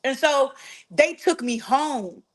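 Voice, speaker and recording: A woman, telling a personal story to her followers in an animated, frank way, full of slang and cursing. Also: high voice, takes it slowly.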